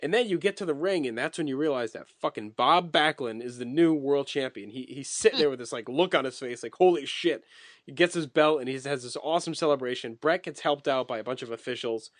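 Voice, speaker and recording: A man co-hosting a podcast, walking through a wrestling match blow by blow in relaxed, casual chat with occasional swearing. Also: mid-range voice, quick pace, few pauses, no room sound, studio quality. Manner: detailed play-by-play recounting, swears casually. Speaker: podcast co-host.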